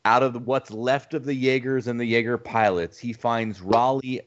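A man hosting a casual podcast, recapping a film plot in a steady, rambling way with fillers. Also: medium pitch, normal speed, dull audio. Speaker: podcast host.

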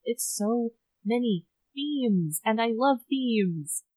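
A woman co-hosting a podcast, recapping a story in animated casual chat, acting out quotes and laughing. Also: fairly high pitch, takes it slowly, breathy edge, no room sound, rough recording. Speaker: podcast co-host.

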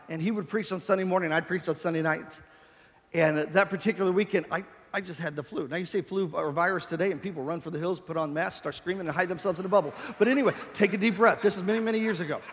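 Male preacher with a high, ringing voice in a reverberant hall. He delivers an impassioned sermon that alternates between shouts and hushed storytelling. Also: fast talker. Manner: passionate, rising to shouts, then quiet storytelling.

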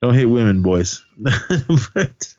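A man's voice: medium pitch, takes it slowly, muffled recording. A man co-hosting a podcast, recapping movie scenes in casual chat, laughing often and acting out lines of dialogue. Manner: animated, acts out lines of dialogue. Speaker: podcast co-host.

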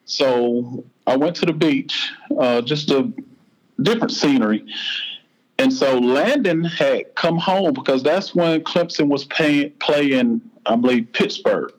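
A man's voice: mid-range voice, slow, poor audio. A man in his forties with a Southern US accent, telling a personal story as a podcast guest in an earnest, heartfelt way. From North Carolina, US.

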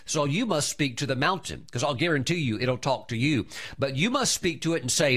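A man preaching a sermon as a pastor, emphatic, rising loudly when he voices commands and prayers. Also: fairly high pitch, normal speed.

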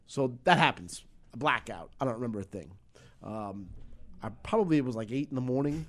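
A middle-aged man, a guest telling a story in casual interview, animated and swearing freely, acting out voices. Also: mid-range voice, fairly quick.

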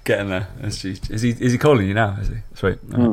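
A man's voice: fairly low pitch, steady tone, rapid-fire. A man co-hosting a podcast, bantering and teasing his partner in casual chat. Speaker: podcast co-host.

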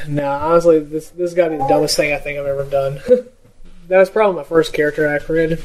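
A man's voice: a little high, steady tone, fast talker, rough recording. A man co-hosting a comedy podcast in casual chat, joking and laughing often. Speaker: podcast co-host.

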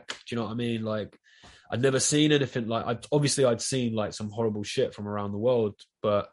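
Speaking fairly quickly in a lowish, steady voice, this South East London man is a guest on a podcast. He chats loosely and rambles, with plenty of swearing.

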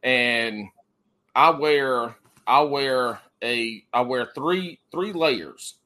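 A man's voice: mid-range voice, drawn-out words, bright, forceful tone. A man, hosting a casual chat and telling rambling, profane stories full of restarts. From Southern US.

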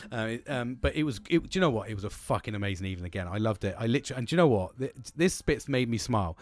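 Male podcast host, casual profane ramble, average pitch, dry recording. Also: a little mellow, no room sound. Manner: rambling and heavily profane, with frequent restarts. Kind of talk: casual solo podcast monologue.

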